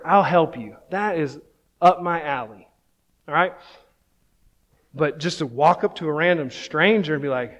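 A man's voice: fairly high pitch, moderate pace, pauses often, a bit bright, lo-fi sound. A man in his thirties, a pastor, preaching a sermon in a casual, self-deprecating storytelling way, often checking in with "right?".

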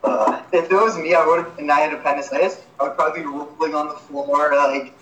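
A young man co-hosting a casual podcast, ribbing his friend with jokey banter. His voice sits a little high. The recording carries an echoey room sound. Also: fairly even intonation, fast talker, a bit bright, lo-fi sound, a little hiss or hum. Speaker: podcast co-host. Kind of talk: casual chat.

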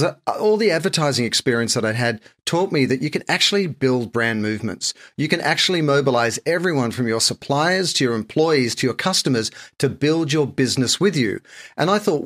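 A man's voice: medium pitch, a bit bright. An Australian man in his fifties, a company founder, talking as a guest in a casual interview. He speaks fluently and upbeat, with easygoing slang.

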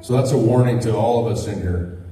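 In a church sanctuary, a guest preacher with a lowish, mellow voice delivers an earnest sermon at a fairly quick pace, pausing partway through to tell a story. The recording is echoey and distant-miked, with slight background noise.

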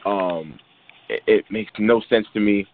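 A man's voice: lowish voice, unhurried. A man co-hosting a sports podcast, chatting casually with many restarts and fillers. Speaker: podcast co-host. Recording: tinny phone-like sound.

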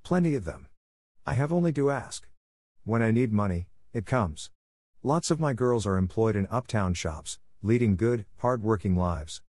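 A man reading the part of a calm, hopeful woman probation officer, speaking steadily and reasonably. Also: on the low side, moderate pace, no echo, clean studio sound. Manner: steady, reasonable, quietly firm. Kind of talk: audiobook character reading.

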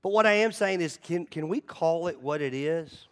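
A male pastor preaching in a loose, story-driven way, his voice sitting high for a man. He is animated and chatty, stumbling over and repeating words as he builds his point. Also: moderate pace. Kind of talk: conversational sermon.

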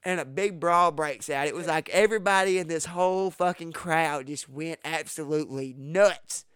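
A man telling rowdy stories on a podcast in a bright, pressed, slightly high voice. His speech is crisp and clean, recorded close and dry, and he bursts loud whenever he acts out a line. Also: normal speed, dry recording. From Texas. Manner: animated, profane, acts out quoted lines with sudden loud jumps. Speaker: podcast host. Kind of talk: casual storytelling.

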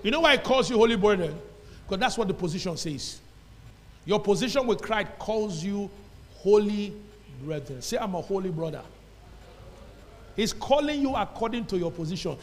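A Nigerian pastor delivers a fiery sermon in a high, ringing voice. He hammers his points with repetition and slips into pidgin now and then. The sound carries a long reverb from a church hall. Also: animated, normal speed, pauses often, slight background noise. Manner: emphatic preacher, repeats phrases, dips into pidgin.

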